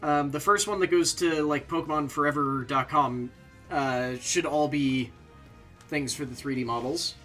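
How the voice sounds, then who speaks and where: A man's voice: fairly high pitch, normal speed, sharp tone, faint music behind. A man giving casual, offhand let's-play commentary, rambling and full of fillers. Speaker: streamer.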